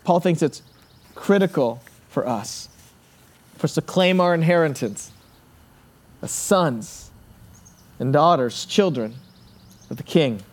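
A man preaching a sermon, earnest, slowing and dropping low on key words and acting out the people in his stories. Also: lively intonation. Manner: storytelling with acted-out quotes. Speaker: pastor.

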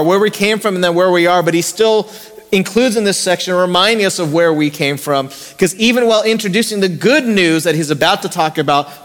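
A man's voice: high-pitched, a bit bright. A man preaching a conversational sermon as pastor, often asking the congregation rhetorical questions. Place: church sanctuary. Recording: long reverb in a church hall.

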